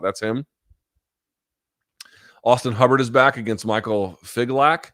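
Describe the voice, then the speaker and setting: A man's voice: mid-range voice, steady tone, normal speed, pauses often, fairly bright tone, no echo, studio quality. A man in his forties hosting a live chat show, reading out viewer questions and answering bluntly, with casual profanity and a habit of thinking aloud. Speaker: host.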